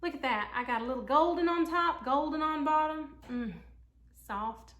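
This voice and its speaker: A woman's voice: sits high, normal speed, fairly bright tone, roomy sound. A woman with a Southern American accent, chatting folksily to viewers in a casual cooking vlog from her home kitchen. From Tennessee. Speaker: home cook.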